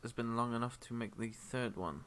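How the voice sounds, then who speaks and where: A man's voice: mid-range voice, normal speed, fairly bright tone. A man running a tabletop game as game master, chatting casually and checking the rules.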